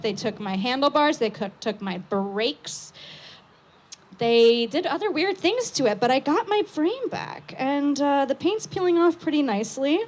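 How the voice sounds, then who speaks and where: High-voiced woman telling a story loudly. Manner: loud, excitable, talks with lots of fillers. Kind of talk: live storytelling on stage. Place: outdoor patio stage.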